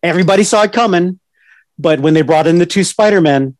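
A man chatting as a podcast co-host, talking in excited bursts and tripping over his own restarts. His voice sits a bit high, and the sound is dry and close. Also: fast, dry recording. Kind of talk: casual chat.

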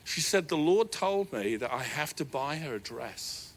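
A middle-aged man with a New Zealand accent, preaching a sermon in a church hall. He tells a personal story in an animated, self-deprecating way. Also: fairly high pitch, unhurried, slight background noise. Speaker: pastor.

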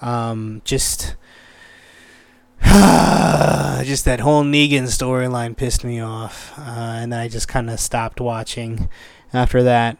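A man's voice: medium pitch, steady tone, takes it slowly, gravelly, long pauses, dry recording. A man hosting his own podcast, rambling casually with lots of profanity, stumbling over words and getting exasperated. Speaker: podcast host. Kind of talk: casual solo podcast review.

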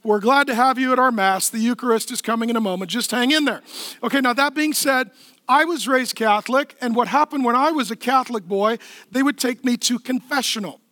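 A man's voice: very high voice, fairly quick, sharp tone, dry recording, studio quality. A man preaching a sermon as pastor, emphatic and conversational, asking the crowd questions and answering them himself.

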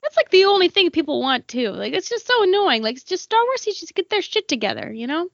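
A woman's voice: extremely high pitch, big pitch swings, fast, creaky, dry recording, lo-fi sound. A woman co-hosting a podcast in casual chat, reacting often with short agreements. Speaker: podcast co-host.

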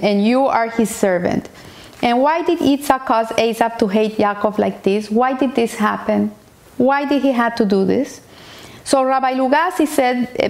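High-voiced woman teaching a Torah story. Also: darkish tone. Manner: earnest retelling, frequent restarts, Hebrew terms mixed in. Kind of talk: explaining a Torah portion as a story.

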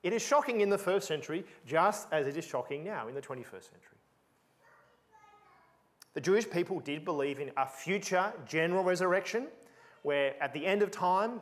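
Emphatic, lively male preacher. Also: high-pitched. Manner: emphatic, animated, repeats for emphasis. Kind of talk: sermon.

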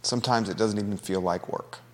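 A man's voice: lowish voice, a little fast. Earnest male talk show host, reverberant. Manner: earnest, emotional, conversational. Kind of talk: talk radio monologue.

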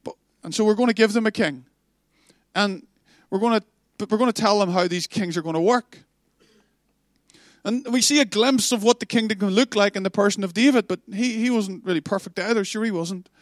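A male pastor preaching with passion, often restarting phrases and breaking off into chatty asides. His voice sits high and carries no room sound at all. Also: fairly quick, no room sound, studio quality. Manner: passionate, animated, self-interrupting; stammering restarts, warm asides. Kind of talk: sermon.

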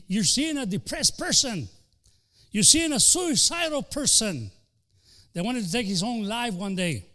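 A man preaching a sermon as pastor, swinging between loud declarations and hushed lines, and acting out quoted voices. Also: sits high. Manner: fervent preaching with sudden shifts from loud to soft; acts out quoted voices, including the devil. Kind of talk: bilingual sermon.

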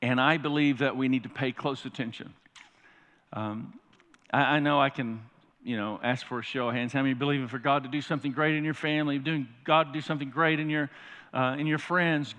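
A male pastor preaches with a high, bright voice. He speaks emphatically and keeps putting questions to his congregation. His voice trails off into the long reverb of a large sanctuary. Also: fairly even intonation, brisk. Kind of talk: sermon. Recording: reverberant church hall.

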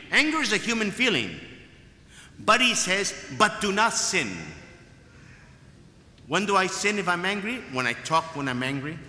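A man's voice: fairly high pitch, sharp tone. A man preaching a sermon as a priest, emphatic and fond of repeating his phrases. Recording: echoey hall with long reverb.

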